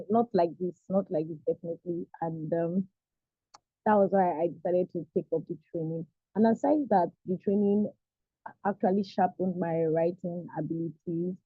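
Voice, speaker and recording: A young woman, a recent graduate, giving a halting, emotional testimonial on a video call, close to tears. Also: fairly low pitch, no echo. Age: young adult. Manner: earnest, halting, near tears. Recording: tinny phone-like call audio.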